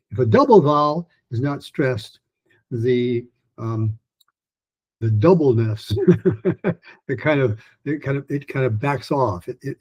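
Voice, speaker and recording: A man teaching a pronunciation lesson in a loose, rambling way, with many restarts, fillers and slowly modeled phrases. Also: medium pitch, a little mellow, slightly rough, rough recording. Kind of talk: recorded lesson talk.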